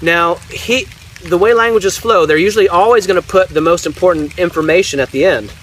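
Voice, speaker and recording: A higher-voiced man talks through a point in an easy teaching way, often stopping to check that the listener follows. He sounds a bit away from the mic, with a faint hiss under the voice. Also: a little fast, fairly bright tone. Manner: explanatory, frequent restarts and "right?" tags. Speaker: Bible translator. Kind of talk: casual teaching conversation. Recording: distant mic with faint noise.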